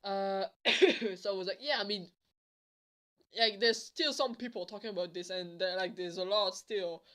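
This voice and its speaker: A woman's voice: medium pitch, normal speed, a bit bright. A woman vlogger telling a casual storytime, rambling with many fillers and some swearing.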